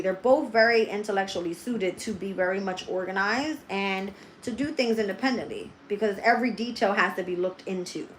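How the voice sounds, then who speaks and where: A woman's voice: mid-range voice, roomy sound, slight background noise, rough recording. A woman giving a livestream tarot reading. She talks straight to her viewers, blunt and heavily profane, and thinks aloud as she turns the cards. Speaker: tarot reader.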